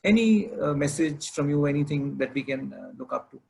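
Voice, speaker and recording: Gravelly man hosting a webinar. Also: on the high side, lively intonation, a little fast, darkish tone, slight background noise, low-quality recording. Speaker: webinar host.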